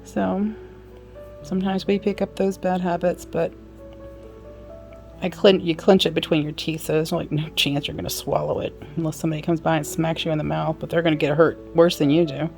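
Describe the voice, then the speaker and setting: A woman's voice: deep voice, level tone, fairly quick, creaky, a little mellow, faint music behind. A woman giving a casual sewing demonstration, chatting and apologizing in asides as she works. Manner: chatty, apologetic asides, talks while working. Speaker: sewing instructor.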